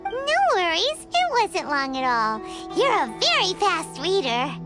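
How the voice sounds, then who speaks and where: A tiny floating fairy companion with a very high, squeaky voice that leaps all over the place. She is chirpy and excitable and refers to herself in the third person. Game music plays underneath. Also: measured pace, full character voice. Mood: reassuring. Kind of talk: video game voice acting. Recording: game audio with background music.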